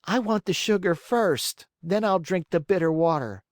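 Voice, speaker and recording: A man's voice: expressive, moderate pace, no echo, studio quality. A man doing a whiny stubborn puppet boy. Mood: whining. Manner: whiny, petulant, shrill outbursts. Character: whining stubborn boy marionette, feverish. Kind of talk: audiobook character voice.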